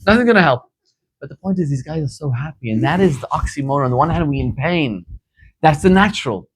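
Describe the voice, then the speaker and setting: A man's voice: fairly high pitch, fast, husky. Fervent man preaching with rising passion. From Zimbabwe. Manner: animated storytelling, rising to fervent emphasis. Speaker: rabbi. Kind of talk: sermon.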